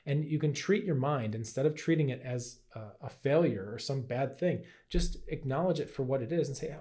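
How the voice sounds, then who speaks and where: Male wellness teacher, warm mellow tone, chatty delivery, keeps checking in with "right?", sometimes acts out inner voices. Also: mid-range voice, normal speed, few pauses. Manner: conversational, keeps asking "right?". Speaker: health and Qigong teacher. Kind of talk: casual teaching talk to camera.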